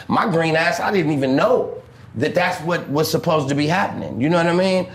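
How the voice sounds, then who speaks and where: A man telling a crude personal story in an animated way, acting out the dialogue. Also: a little high, fairly quick. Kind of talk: storytelling monologue. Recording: echoey room.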